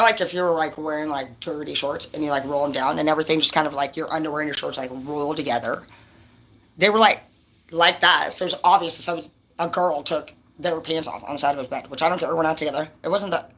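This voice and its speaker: A woman's voice: mid-range voice, bright, forceful tone. A woman vlogging a personal story in a rambling, heated, foul-mouthed monologue, full of restarts and "dude". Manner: profane, heated, peppered with "dude" and "bro"; rambling, with frequent restarts and fillers.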